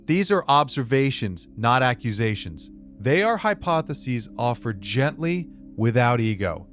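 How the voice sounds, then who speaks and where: Man narrating with a lively, expressive lilt. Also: medium pitch, unhurried, hardly any pauses, faint music behind. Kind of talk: scripted self-help narration.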